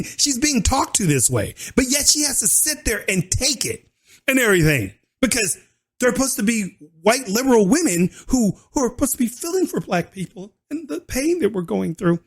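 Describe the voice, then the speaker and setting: Animated, high-pitched male reaction commentator. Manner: animated, laughing, mocking, mimics voices.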